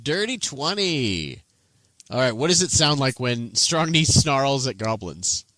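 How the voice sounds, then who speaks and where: Lively, bright-voiced man running a game. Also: mid-range voice, measured pace, no echo. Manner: animated, playful narration. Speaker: game master. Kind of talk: narrating a tabletop game.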